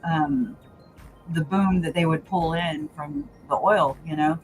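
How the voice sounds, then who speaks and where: A woman's voice: deep voice, takes it slowly, soft background music, low-quality recording. Laughing woman chatting on a livestream. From Louisiana. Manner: laughs often, says "y'all". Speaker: livestream host. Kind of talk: casual chat.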